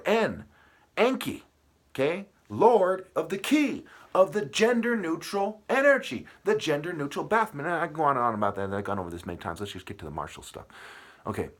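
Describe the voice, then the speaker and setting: A man's voice: on the high side, big pitch swings, normal speed. A man at his desk delivering a heated, profane monologue, repeating himself and playing on word sounds. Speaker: vlogger. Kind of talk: ranting monologue.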